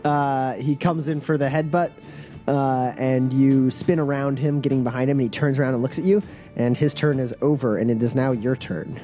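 A man narrating as game master in a tabletop game, halting with many fillers. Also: medium pitch, steady tone, warm tone, soft background music.

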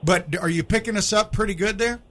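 A man's voice: high-pitched, fairly quick, a bit bright. A man co-hosting a radio show, teaching from the Bible in an earnest, plainspoken way and asking questions to make his points.

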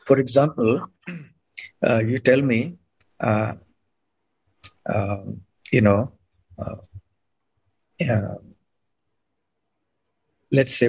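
A man speaking as a guest monk on a podcast, explaining in a measured way and often clearing his throat. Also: mid-range voice, darkish tone. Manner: measured, frequent throat clearing, sips to soothe throat.

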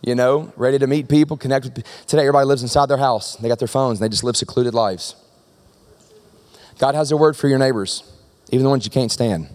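A male preacher delivers a sermon in an animated, conversational style and keeps drawing the congregation in with questions. His voice sits at an ordinary middle pitch. A long reverb trails behind him, as in a large sanctuary. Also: fast talker.

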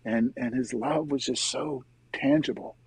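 Gravelly middle-aged man sharing a testimony. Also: mid-range voice, fairly even intonation, unhurried, rough recording. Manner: earnest storytelling, often says "man", soft-spoken at emotional points. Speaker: interview guest. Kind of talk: personal faith testimony in conversation.

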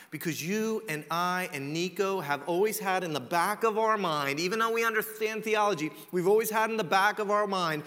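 A male pastor preaching a sermon, swinging between loud and hushed and slowing down to stress points. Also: high-pitched. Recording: long reverb of a large hall.

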